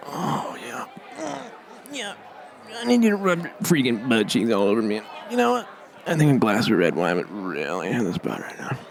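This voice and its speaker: A man's voice: medium pitch, wildly swooping pitch, moderate pace, vocal fry. A man voicing a sultry talking couch. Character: flirty pampered talking white couch.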